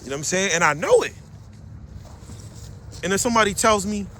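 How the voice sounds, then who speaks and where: A man's voice: high voice, fairly quick, long pauses. A middle-aged man, a dog breeder, giving blunt, slangy, preachy advice in an outdoor vlog rant. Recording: loud wind and boat noise.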